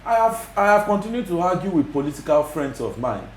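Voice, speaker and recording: His pitch runs high and swings widely as he talks a little fast, a Nigerian guest commentator with a Yoruba accent in a TV studio interview. Forceful and repetitive, he drops Yoruba phrases into his speech. The room is echoey and a slight hiss or hum can be heard.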